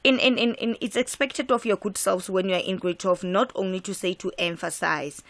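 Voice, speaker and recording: A woman's voice: medium pitch, fairly quick, a bit bright. A woman from South Africa teaching an exam revision lesson, emphatic and repetitive, with frequent restarts. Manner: emphatic, repeats key points, frequent filler restarts.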